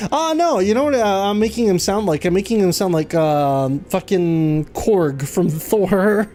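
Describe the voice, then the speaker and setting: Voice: medium pitch, animated, unhurried, warm tone. A streamer giving casual, chatty let's-play commentary and laughing often. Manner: chatty, laughs often, reads dialogue aloud.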